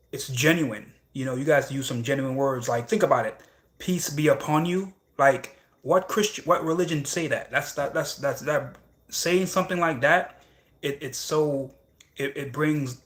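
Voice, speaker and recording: A man's voice: mid-range voice, fairly bright tone. A young man hosting a casual livestream, rambling and repeating phrases as he answers chat. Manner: rambling, repeats phrases, frequent "you know what I'm saying". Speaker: livestream host reading chat.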